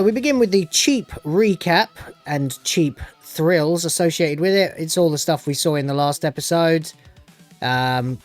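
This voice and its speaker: Rambling sarcastic man reviewing. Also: on the high side. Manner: rambling, sarcastic, swears, many filler restarts. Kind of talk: casual spoken review.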